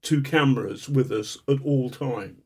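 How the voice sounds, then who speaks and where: A man speaking as an interview guest, in a mid-pitched, ordinary voice. He tells his stories in an animated, chatty way and chuckles often as he goes. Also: unhurried, slightly rough. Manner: animated raconteur, chuckles as he talks. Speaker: guest, journalist. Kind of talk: casual storytelling interview.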